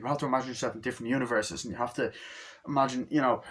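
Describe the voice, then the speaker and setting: An excited young man giving a casual movie review into his phone, swearing often and acting out scenes. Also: mid-range voice. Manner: excited, swears a lot, acts out scenes with quick voices.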